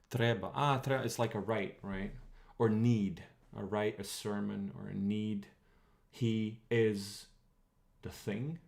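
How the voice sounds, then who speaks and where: Halting low-voiced male streamer, gravelly. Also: fairly even intonation, a little mellow. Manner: thinking aloud, halting, reads words out slowly, asks the chat. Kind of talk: casual livestream, translating an old text.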